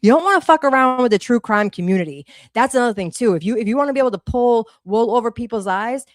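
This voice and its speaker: A woman's voice: a little high, expressive, fast, no echo, studio quality. A woman in her forties with a Boston accent, co-hosting a livestream and ranting bluntly with lots of swearing. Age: 40s. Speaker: livestream co-host. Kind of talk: heated casual commentary.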